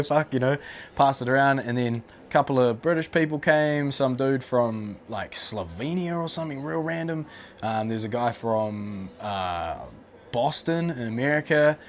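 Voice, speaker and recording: A man's voice: mid-range voice, a little hiss or hum. A young man in his twenties with a New Zealand accent, a podcast guest telling stories in laid-back, swear-heavy slang. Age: 20s. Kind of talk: casual storytelling chat.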